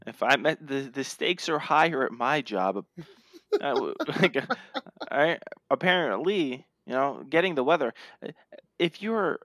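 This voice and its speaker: A man co-hosting a casual podcast, talking in an animated, ranting way with playful self-hype. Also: medium pitch, unhurried, no echo, clean studio sound. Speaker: podcast co-host. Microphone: remote podcast mic.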